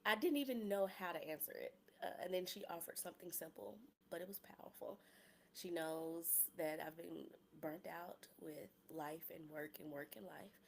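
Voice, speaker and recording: A woman's voice: on the low side, normal speed, vocal fry, slight background noise. A woman in her thirties hosting a personal podcast, talking candidly and emotionally, close to tears at times, with casual slangy humor. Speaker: podcast host.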